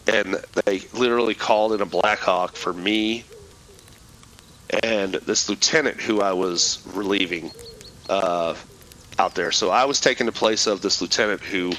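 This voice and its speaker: Middle-aged male veteran guest: bright, forceful voice, profane, rambling storyteller. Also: low-pitched, slight background noise, low-quality recording. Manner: profane, rambling, with many restarts. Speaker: podcast guest, military veteran. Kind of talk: casual storytelling.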